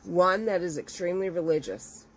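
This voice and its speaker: A middle-aged woman with a slightly low-pitched voice chats casually with her viewers. She tells stories with lots of animation and acts out what other people said, jumping up sharply in pitch. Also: moderate pace, poor audio. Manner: chatty and animated, acting out quotes with big jumps in pitch. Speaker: crochet business owner and video host.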